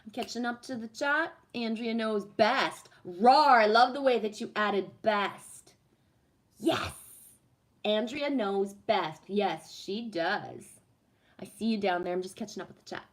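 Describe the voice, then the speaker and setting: A woman's voice: medium pitch, normal speed. A woman chatting casually on a live stream, reading the chat, swearing freely and laughing at herself.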